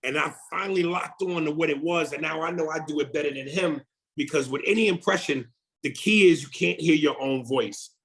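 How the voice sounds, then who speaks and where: A man's voice: on the high side, a little fast, low-quality recording. Man chatting with repeated starts. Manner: animated, repeats words while thinking. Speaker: comedian guest. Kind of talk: casual interview chat.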